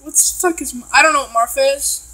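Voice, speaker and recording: A woman's voice: high-pitched, quick pace, pushed and bright, low-quality recording. A woman from Texas, chatting casually and ranting with lots of swearing and filler words while reacting to a video.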